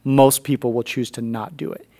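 A man in his thirties, with a gravelly mid-range voice and moderate pace, tells a family story during a faith conversation. He is an animated storyteller who acts out the voices and dialogue.

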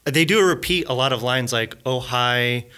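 A man's voice: medium pitch, lively intonation, fairly quick, pushed and bright. A man chatting casually on a podcast, rambling and restarting his sentences, often breaking into laughter. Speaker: podcast co-host reviewing a film. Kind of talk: casual chat.

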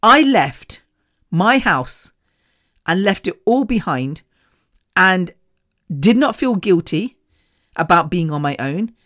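A woman's voice: fairly low pitch, very animated, slow, long pauses, fairly bright tone. A woman hosting a podcast, candidly telling a personal story in a chatty way, swearing freely and laughing often. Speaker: podcast host.

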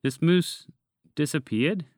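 A man's voice: fairly high pitch, slow, darkish tone, no room sound, studio quality. A man doing a curious shape-shifting dragon in disguise. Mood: intent. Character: curious human who is secretly a dragon.

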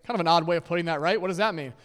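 Rapid-fire and a bit bright, a man's slightly high voice echoes through a church sanctuary with long reverb. He's a pastor preaching conversationally, laughing lightly between points and dropping frequent "okay?" and "right?" checks.

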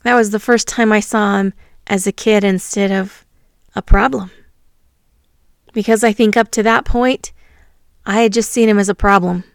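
A woman, a teacher, telling a personal story from her classroom in a reflective, earnest way, pausing often. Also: mid-range voice, clear, resonant tone, dry recording, clean studio sound. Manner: reflective, earnest, with pauses and fillers.

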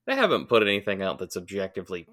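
Bright-voiced guy on a podcast, pitch all over, wry and swearing. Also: wildly swooping pitch. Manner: wry, profane, quick asides. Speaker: podcast co-host. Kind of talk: casual podcast banter.

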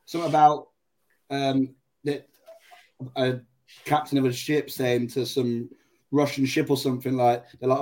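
Man, mid-pitched, soft and hesitant in casual chat. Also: flat delivery, normal speed, pauses often.

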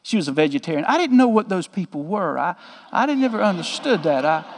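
A man's voice: sits high, big pitch swings, quick pace, long reverb tail, slight background noise. A man, a pastor telling a story in a folksy, joking sermon.

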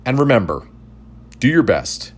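A man hosting a casual review podcast, joking and reading notes quickly. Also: medium pitch, big pitch swings, breathy edge. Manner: jokey, reads notes quickly. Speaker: podcast host.

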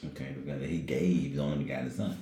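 In an echoey room with faint background noise, a man with an extremely low, mellow voice talks about scripture at a quick pace with fairly even intonation. It's a casual Bible study, and he rambles reflectively, leaning on lots of fillers.

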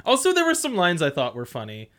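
A podcast host in loose, casual chat. The talk rambles and leans on "like" constantly, breaking often into laughter. The pitch sits in the middle range. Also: wildly swooping pitch, fast talker, a bit bright. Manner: rambling, heavy use of "like", frequent laughter.

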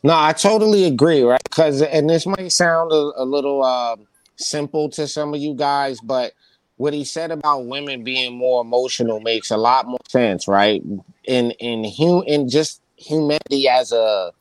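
A man's voice: mid-range voice, moderate pace, no room sound. A man hosting a casual podcast chat, often tagging his points with "right?" and restarting sentences. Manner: peppers talk with "right?" tags, restarts. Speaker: podcast host.

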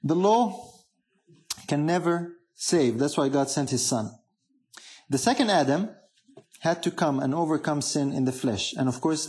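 A man's voice: a little high, a little mellow. A man preaching a sermon, emphatic, often asking the congregation questions.

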